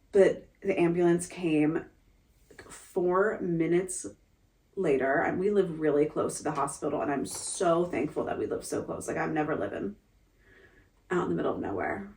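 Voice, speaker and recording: A young woman tells a personal story straight to the camera, her voice sitting a little low and heard from slightly back from the microphone. She talks in an emotional, casual way, leaning on filler words and restarting her sentences. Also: a little mellow, recorded from a distance. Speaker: mom telling a family story.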